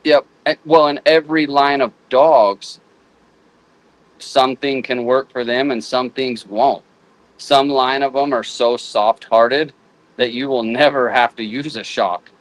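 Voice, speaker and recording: A man's voice: medium pitch, steady tone, dry recording, poor audio. A man in a casual chat, often restarting and repeating words as he works out his thought. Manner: halting, repeats words while thinking. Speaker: guest houndsman.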